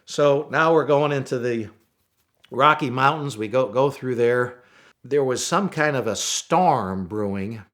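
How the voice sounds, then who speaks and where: A man from St. Louis telling a road-trip story in a lively, casual way, often restarting and repeating words as he gets excited. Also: mid-range voice, a little slow. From St. Louis, USA. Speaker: storyteller guest.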